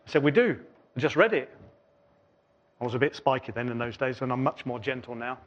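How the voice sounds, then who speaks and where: A pastor preaching a sermon in church, in an earnest voice with a repetitive cadence, often dropping softer between phrases. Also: male voice, mid-range voice, fairly quick, highs cut off.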